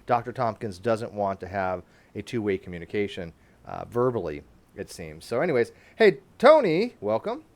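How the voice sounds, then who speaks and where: A man hosting a casual live online hangout, talking fast and reading from his notes. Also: fairly low pitch, sing-song, a little mellow. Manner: fast talker, reads from notes. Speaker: channel host.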